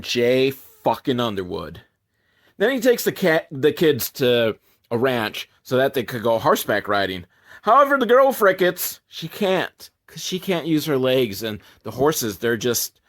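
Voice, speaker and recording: A man doing a sarcastic, profane comedic movie recap as a reviewer. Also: medium pitch.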